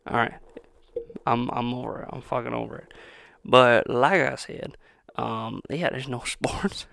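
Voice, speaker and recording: A man's voice: mid-range voice, fairly even intonation, a little slow, gravelly, fairly bright tone, no room sound, clean studio sound. A man in his twenties ranting on his own podcast, rambling, sarcastic and full of profanity. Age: 20s. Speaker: podcast host. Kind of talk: profane solo podcast rant.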